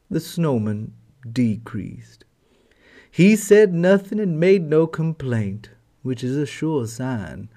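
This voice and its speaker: A man narrating a fairy tale as host of a storytelling channel, gentle and affectionate. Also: a little high.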